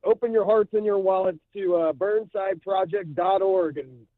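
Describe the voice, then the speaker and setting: A man calling into a radio show, cheerful and animated, heard over the phone. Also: high voice, moderate pace, no echo. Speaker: caller. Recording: tinny phone line.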